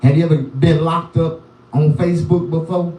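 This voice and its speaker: A man's voice: on the high side, fairly even intonation, normal speed, warm tone, far from the mic. A man doing loose, rambling stand-up on a live stream, with a profane and repetitive manner. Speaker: comedian. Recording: roomy sound, voice from the mic.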